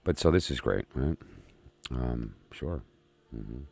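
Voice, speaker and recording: A man's voice: very deep voice, lively intonation, takes it slowly, creaky, a little mellow, breathy edge. A man hosting a late-night live stream of oracle readings, rambling and joking as he talks to his viewers. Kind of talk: casual live-stream chat.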